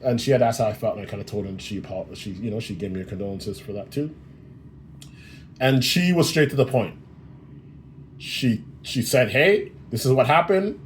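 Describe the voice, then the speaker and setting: Low-pitched and brisk, this man's voice leaves long pauses, with a little hiss or hum on the recording. On his vlog he rants about a frustrating customer-service experience, recounting it bluntly, profanely and with clear exasperation.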